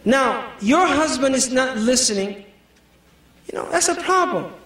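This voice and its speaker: Joking preacher in an echoey hall. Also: male voice, extremely high pitch, animated, unhurried, a bit bright, far from the mic. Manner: joking, anecdotal, laughs often. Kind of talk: humorous sermon.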